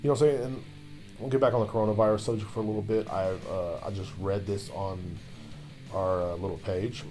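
A man with a lowish voice holds forth on his solo podcast, cursing in nearly every sentence and drifting from point to point between sips of beer. Soft guitar music plays faintly under him. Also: little pitch movement, brisk. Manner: loose, swearing constantly, drinking beer while talking. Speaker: podcast host. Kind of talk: profane solo podcast rant.

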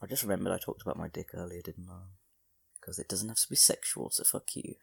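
Deep, gravelly-voiced man rambling. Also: quick pace, dry recording, studio quality. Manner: rambling, crude, self-mocking humour. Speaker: podcast host. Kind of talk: solo podcast monologue.

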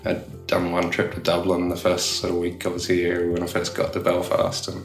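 Gravelly low Australian man, echoey room. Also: monotone, normal speed, faint music behind. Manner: rambling, many "you know" fillers and restarts. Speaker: tattoo artist guest. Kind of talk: casual interview chat.

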